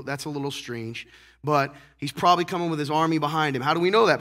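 A hoarse, congested man preaching a casual sermon to a church congregation, teasing the crowd and asking rhetorical questions. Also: a little high, fairly bright tone. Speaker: pastor. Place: church sanctuary.

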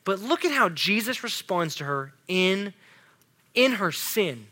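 High voice, bright tone, man preaching to teens, casual and lively. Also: a little slow. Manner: casual, animated, talks to students with "y'all". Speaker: youth pastor. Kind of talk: youth sermon.

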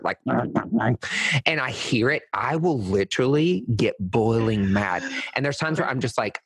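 Sassy, profane man with a husky voice. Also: no room sound. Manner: sassy, profane, animated storytelling with pitch jumps. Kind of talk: casual chat.

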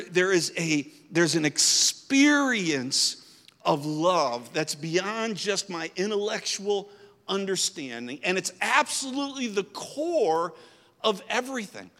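A man's voice: sits high, a bit bright, in a large hall. A middle-aged man preaching a sermon, telling a story and then pressing his point with growing emphasis.

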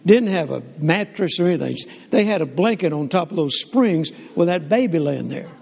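An older man, telling stories in a folksy, animated sermon with frequent restarts. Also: a little high, normal speed, vocal fry, husky. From Southern United States. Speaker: preacher. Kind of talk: sermon storytelling. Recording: long hall reverb.

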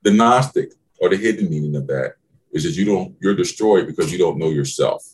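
Fired-up preachy man, wildly swinging pitch. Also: lively intonation, brisk, a little hiss or hum. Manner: emphatic, preachy, swears freely, swings to high exclaiming questions. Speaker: podcast host and business mentor. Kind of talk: motivational podcast talk.

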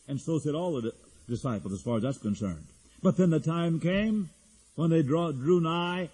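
A man's voice: a little high, a little mellow, slightly rough. A man preaching a sermon as a pastor, in earnest, with frequent restarts. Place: church hall. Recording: echoey hall.

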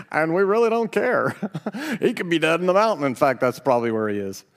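A man's voice: a little high, lively intonation, moderate pace, in a large hall. A man preaching a sermon, reading scripture aloud with dramatic voices and chuckling as he comments. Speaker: pastor.

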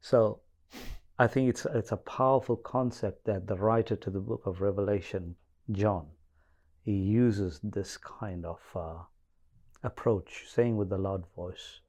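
A man co-hosting a Bible-study chat, measured and pausing with hesitant fillers. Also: on the low side, darkish tone. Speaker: co-host.

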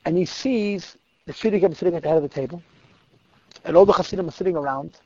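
Man, storyteller, high voice, gravelly, emphatic, repeats words, dull lo-fi dry recording. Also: fast talker, mellow, no echo. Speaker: religious storyteller. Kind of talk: telling a Hasidic story to listeners.

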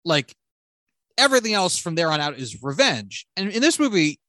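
Male podcast co-host, lively swinging delivery, rambling and profane, dry sound. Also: on the high side, normal speed, no room sound. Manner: rambling, profane, animated retelling. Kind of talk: casual movie review chat.

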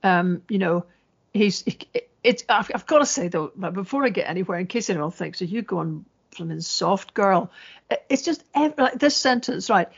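A woman's voice: medium pitch, animated, normal speed, husky. A woman hosting a casual political podcast, chatty and sardonic, quoting lines in mock voices. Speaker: podcast host. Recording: dull lo-fi audio.

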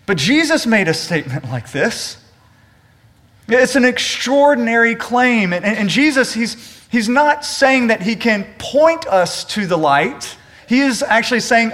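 A man's voice: very high-pitched, lively intonation, unhurried, fairly bright tone. A man preaching a sermon as pastor of a church, reading scripture and praying, earnest and emphatic, repeating words as he stresses a point and speaking straight to the congregation. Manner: addresses the congregation directly. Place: church service.

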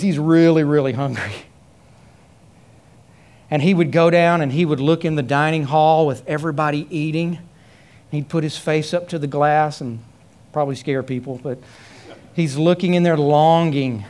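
A man preaching a sermon, telling a story with many repeated phrases and rising to loud, high emphasis. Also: moderate pace, pauses often. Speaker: pastor.

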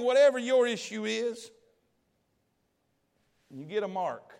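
A man preaching a sermon, telling a story in a folksy, colloquial way, swinging from loud to hushed and asking the audience questions. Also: extremely high pitch, very animated, unhurried, gravelly, long pauses. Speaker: pastor.

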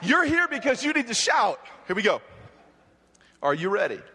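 An animated man from Hawaii preaches to a crowd of young people, joking and breaking into shouts. His voice is high and bright and swings widely in pitch. Everything rings out through a large hall with a long reverb. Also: normal speed, a little hiss or hum. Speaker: youth conference speaker. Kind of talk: energetic preaching.

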